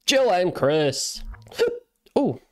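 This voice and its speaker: A man's voice: high voice, very animated, drawn-out words, a little mellow. A young man giving playful let's play commentary, teasing and talking back to the game's characters. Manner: jokey, teasing, talks back to game characters. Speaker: gamer.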